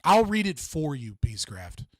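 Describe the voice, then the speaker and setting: A man's voice: a little high, very animated, normal speed, dry recording. Heated ranting man, dry close sound. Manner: heated, profane, repeats himself for emphasis. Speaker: live stream host. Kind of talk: livestream political rant.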